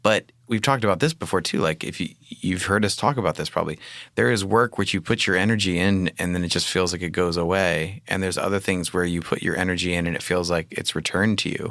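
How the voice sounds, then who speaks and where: A man's voice: low-pitched, quick pace, a bit bright, no room sound, clean studio sound. A man co-hosting a podcast, talking in a reflective, musing way in casual conversation. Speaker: podcast co-host.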